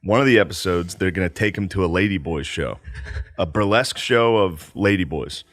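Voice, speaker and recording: A man's voice: deep voice, moderate pace, dry recording, studio quality. A man in casual chat who tells stories with animation and laughs a lot. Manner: animated storytelling, laughs often.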